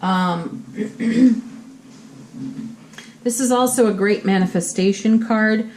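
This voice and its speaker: A woman's voice: medium pitch, takes it slowly, a little mellow, slight background noise. A woman giving a monthly tarot reading to her viewers in an upbeat, encouraging way, full of spiritual phrasing. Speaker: tarot reader.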